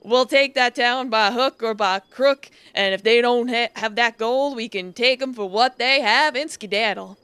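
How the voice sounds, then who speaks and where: A man's voice: extremely high pitch, normal speed, hardly any pauses, sharp tone, smooth, no room sound, full character voice. A woman voicing a scheming male outlaw gang leader in a put-on Southern drawl, with folksy Old West talk. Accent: put-on American Southern drawl.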